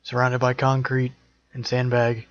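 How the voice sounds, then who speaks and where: A man's voice: medium pitch, completely flat delivery, a little slow, dull audio. A young man narrating as game master in a casual tabletop session, swearing and joking with players.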